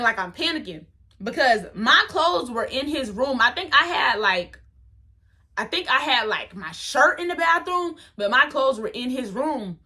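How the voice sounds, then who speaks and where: Casting: young woman, bright and lively, dramatic storyteller with casual slang. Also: a little high. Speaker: vlogger. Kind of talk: storytime vlog.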